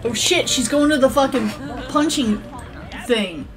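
Woman, young adult, gameplay commentary, profane, rambling, raised pitch. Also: unhurried. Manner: profane, yells at the game characters; rambling, self-interrupting. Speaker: streamer playing a life-sim game.

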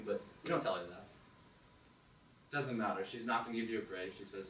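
A man's voice: fairly low pitch, brisk, pauses often. Young man storytelling in an echoey hall. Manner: animated, acts out quoted thoughts in second person. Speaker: open mic speaker. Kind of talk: storytelling monologue. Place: performance hall. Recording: echoey hall, distant mic, faint noise.

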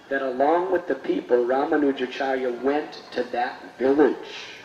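A man's voice: mid-range voice, normal speed, few pauses. Man telling a sacred story. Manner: reverent, expressive, lively storytelling. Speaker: spiritual teacher. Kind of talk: sermon storytelling. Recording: roomy space with faint noise.

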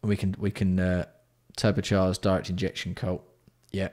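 A man hosting a casual livestream, bantering with chat and swearing freely while keeping his voice fairly hushed. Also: low voice, little pitch movement, moderate pace. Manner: banter-filled, sweary, reads out and answers chat. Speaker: livestream host.

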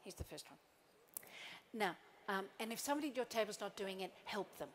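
A middle-aged woman giving a motivational keynote to a live audience at tables. She is playful and animated, acts out little quoted scenes and coaxes the crowd to join in. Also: medium pitch, fairly quick, a little hiss or hum. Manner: coaxing the crowd into joining in. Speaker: motivational speaker.

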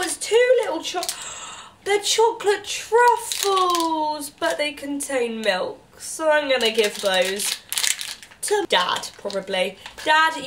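A young woman with a stuffy cold, chatting brightly as she unboxes beauty gifts, cooing and gasping at each item. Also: on the high side, a little hiss or hum. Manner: bubbly, chatty, gasps and coos at each item. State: congested with a cold. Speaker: beauty vlogger. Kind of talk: casual unboxing chat.

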